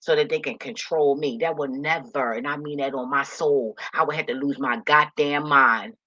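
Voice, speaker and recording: A woman's voice: low voice, steady tone, normal speed, bright, forceful tone. A woman giving a passionate, emotional and rambling casual monologue to her viewers. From Philadelphia. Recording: dull lo-fi recording.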